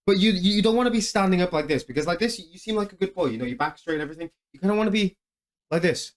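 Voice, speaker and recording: A young man with a high, expressive voice races through comedic reaction commentary on a video. He mocks and laughs often, stammering and restarting as he goes.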